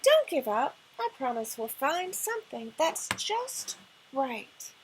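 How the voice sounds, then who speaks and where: A woman's voice: sits high, very animated, takes it slowly, slight background noise, heavily acted. A woman voicing a kind, determined young princess in a picture book, speaking in an eager, encouraging way.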